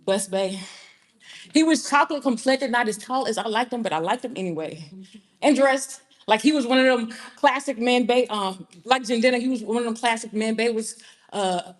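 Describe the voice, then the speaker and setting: This performance poet, a young woman from Georgia, speaks with a Southern accent in a fairly high voice at normal speed. She tells a comic spoken-word piece like a casual story, talking to the crowd between lines.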